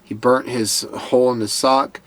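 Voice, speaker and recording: A man's voice: medium pitch, steady tone, a little slow, fairly bright tone, no echo. Earnest man recapping a TV episode. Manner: earnest, heartfelt, stammers on repeated words. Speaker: TV show commentator. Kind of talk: casual recap commentary.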